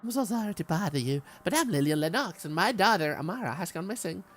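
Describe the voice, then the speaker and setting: A man's voice: high voice, lively intonation, fast talker, fairly bright tone, voice pushed up. A man voicing a flustered, anxious mother searching for her missing daughter, in a game. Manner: flustered, pleading, then indignant.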